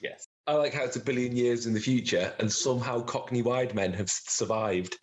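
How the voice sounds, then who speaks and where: A man acting as game master, explaining the rules of a tabletop game in a relaxed, chatty way. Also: mid-range voice, a little fast. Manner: relaxed, explanatory, chuckles at own jokes.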